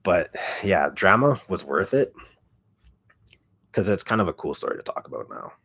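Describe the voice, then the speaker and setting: A man with a deep, raspy voice, telling a rambling story full of fillers and swearing as an ASMR YouTuber chatting casually on a livestream. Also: expressive, moderate pace, a bit bright.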